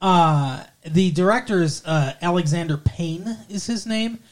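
A man's voice: high-pitched, a little slow. A young man casually reviewing a film in conversation, rambling with lots of fillers and restarts. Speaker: podcast co-host reviewing a film.

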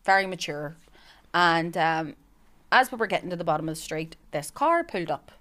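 A young woman with a Northern Irish accent from Belfast, telling a lively, swearing story as a podcast co-host. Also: on the low side, moderate pace. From Belfast, Northern Ireland. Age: young adult. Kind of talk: casual chat.

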